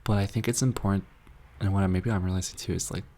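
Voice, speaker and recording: A man hosting a soft-spoken ASMR live chat, answering viewer messages in a tender, earnest, rambling way that drifts into whispers. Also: low-pitched, steady tone, quick pace. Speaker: ASMR channel host reading viewer messages.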